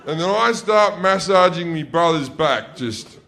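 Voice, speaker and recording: A man's voice: on the high side, lively intonation, unhurried, creaky, slight background noise. Australian man telling stand-up stories. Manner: profane, loose, jumps into loud yelled impressions. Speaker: stand-up comedian. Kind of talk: stand-up storytelling. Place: stage before a laughing audience.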